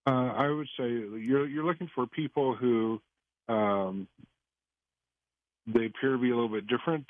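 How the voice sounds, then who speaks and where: A man calling in as a guest on a radio show, answering in a measured, hesitant way with frequent filler pauses. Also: mid-range voice, no room sound, narrow, tinny audio. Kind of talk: interview answers.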